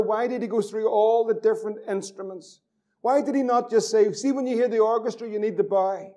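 A man's voice: very high voice, mellow. A man preaching a fervent sermon as pastor, repeating phrases and reading scripture aloud.

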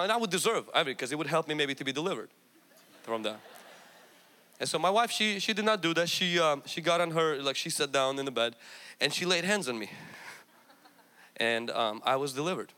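A male pastor with a high, bright voice delivers a sermon. He mixes candid, self-mocking storytelling with fervent exhortation to the congregation. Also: animated, normal speed, pauses often.

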